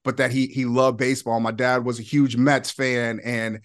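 A man in his forties telling a personal story as a podcast guest, excited, with quick bursts and laughing asides. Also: mid-range voice. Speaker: podcast guest, former player. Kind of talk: animated storytelling.

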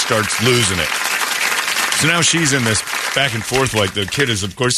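A man's voice: medium pitch, animated, moderate pace, a loud crowd, heavy background noise. A man hosting a morning radio show, telling a rambling, self-amused story and acting out the quotes in exaggerated voices.

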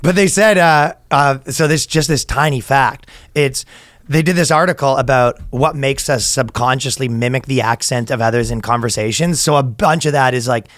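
A man's voice: medium pitch, moderate pace, a bit bright, no room sound, studio quality. A man co-hosting a comedy podcast, chatting casually with crude jokes, rambling and laughing often. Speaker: podcast co-host.

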